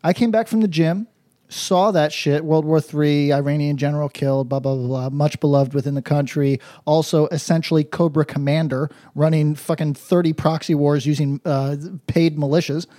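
A man's voice: on the high side, fairly even intonation, normal speed. A man co-hosting a comedy podcast, swearing constantly and riffing in loose, rambling rants. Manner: profane, riffing, swings into mock-patois shouts. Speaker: podcast co-host. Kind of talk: crude comedic podcast banter.

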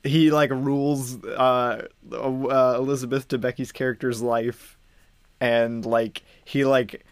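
A man with a mid-range voice in a casual chat about a film, animated and quick to laugh, with filler words all through his talk. The recording is dry and close. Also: medium pitch, smooth, no echo. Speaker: podcast co-host.

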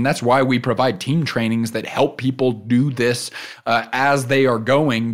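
A man hosting a business leadership podcast, giving an earnest motivational talk that swings from emphatic peaks to soft storytelling. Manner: drops soft and low when telling a story.

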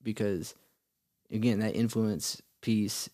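A man talking thoughtfully in a casual conversation, pausing to search for words. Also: fairly low pitch, fairly even intonation, warm tone. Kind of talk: casual chat.

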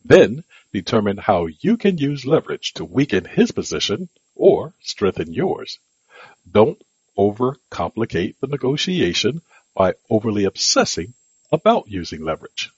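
A man with a husky voice giving scripted instructional narration on negotiation, delivering headed sections in a measured, advisory way. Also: fairly low pitch, big pitch swings, darkish tone, dry recording. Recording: dull lo-fi dry recording.

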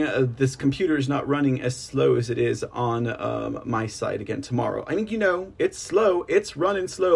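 A man hosting an online political news livestream, rambling casually, reading statements aloud and speaking to viewers as ladies and gentlemen. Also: medium pitch, creaky, slightly rough. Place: home setup on a slow connection.

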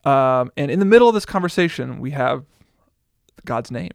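A man's voice: mid-range voice, expressive, moderate pace, creaky, no echo, studio quality. A man co-hosting a casual Bible discussion, reading verses aloud and commenting on them. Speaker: Bible study co-host.

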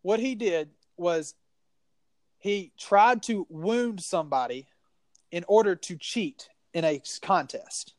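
A Southern US man breaks down a football game in a casual podcast, his voice sitting high for a man. He rambles and restarts his sentences, getting heated as he goes. The sound is dry and close, with no room in it. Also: animated, slow, no echo. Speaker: sports podcast co-host. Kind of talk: casual sports talk.

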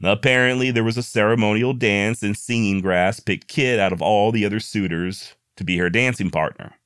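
A man's voice: on the low side, normal speed, fairly bright tone, smooth, no room sound, clean studio sound. A man narrating frontier history in a casual, folksy way with wry asides. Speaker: history storyteller.

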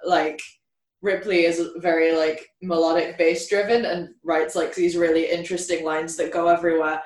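A songwriter from a band chats loosely about how the group writes, with "like" dropped into nearly every phrase. The voice sits a bit away from the mic, and the room is bright and echoey. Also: medium pitch, level tone, moderate pace, far from the mic. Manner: loose, filler-heavy talk with many "like"s. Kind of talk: casual interview chat.

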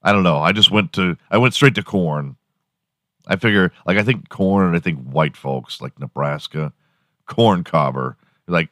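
A man's voice: low-pitched, normal speed, sharp tone, dry recording, clean studio sound. A man in his forties hosting a solo podcast, rambling crudely and laughing at his own jokes. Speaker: podcast host. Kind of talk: solo comedic podcast rant.

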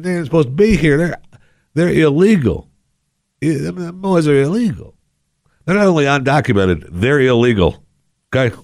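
A man's voice: medium pitch, vocal fry, a little mellow, no room sound, clean studio sound. A man hosting a talk radio show into a headset mic, speaking in a put-on folksy drawl with a wry, sarcastic tone. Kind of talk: casual talk radio monologue. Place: radio studio.

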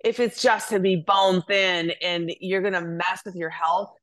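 A woman guest in casual chat, telling stories in a chatty, animated way with frequent restarts. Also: on the low side, measured pace.

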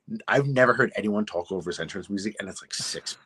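A young adult man, a podcast guest, telling self-deprecating stories in casual chat with lively retellings. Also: lowish voice, quick pace, husky, no room sound.

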